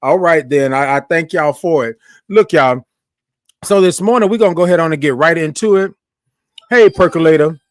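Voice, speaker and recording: A man's voice: fairly high pitch, moderate pace, dry recording, studio quality. A man hosting a live morning talk stream. He chats casually with his viewers, says "y'all" and greets people by name in long, sung greetings. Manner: Southern-style informal speech, says "y'all". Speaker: host of a live morning show.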